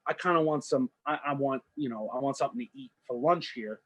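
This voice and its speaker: A young man co-hosting a podcast, telling a made-up story in a loose, rambling way and slipping into quick character voices. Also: medium pitch. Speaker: podcast co-host. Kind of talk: casual storytelling chat.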